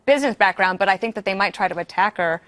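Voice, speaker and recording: A woman hosting a TV panel show, steering the talk with brisk questions. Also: medium pitch, fairly bright tone. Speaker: host. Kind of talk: TV panel moderation. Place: TV studio.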